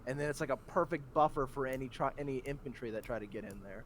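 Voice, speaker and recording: A man's voice: mid-range voice, fast talker, slight background noise. A man telling a work story in a casual chat among gamers, slipping into voices for the people in it. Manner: animated storyteller, acts out voices. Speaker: streamer playing a strategy game with friends.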